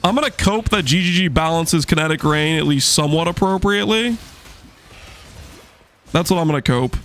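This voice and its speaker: A man's voice: on the high side, moderate pace, a bit bright, a little hiss or hum. A man streaming a game, joking and chatting with his viewers while he plays. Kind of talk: casual live-stream chat while gaming.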